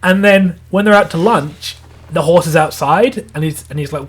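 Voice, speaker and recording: A man co-hosting a casual review podcast, rambling through a plot recap full of "like" and acting out character lines. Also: on the high side. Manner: acts out character lines in quick voices. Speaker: podcast co-host. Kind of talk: casual anime review chat.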